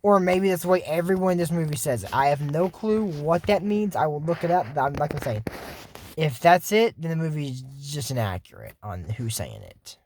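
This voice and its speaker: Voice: mid-range voice, very animated, fairly quick, a little mellow, slight background noise. A YouTuber recapping a cartoon episode in casual, digressive chat full of fillers and asides. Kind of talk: casual rambling commentary.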